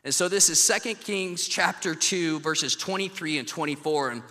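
A man's voice: on the high side, moderate pace. A man pastor preaching a sermon in a church, casual and joking, telling stories with plenty of fillers. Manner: casual, joking, animated storytelling. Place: church sanctuary. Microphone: handheld mic. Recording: echoey hall, long reverb.

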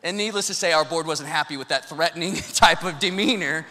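A man pastor gives a sermon into a handheld mic in a church. His voice is bright and a little high, his delivery casual, self-mocking and animated. The sanctuary adds a long, echoing reverb. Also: brisk. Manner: casual, joking, animated storytelling. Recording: echoey hall, long reverb.

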